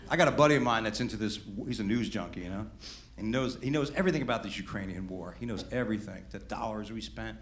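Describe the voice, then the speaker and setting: Brash middle-aged New comic. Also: male voice, on the low side, quick pace, few pauses. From Queens, New York. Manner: brash, conversational, teasing the crowd. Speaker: stand-up comedian. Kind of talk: stand-up comedy. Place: comedy club stage. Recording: roomy club sound with ambient noise.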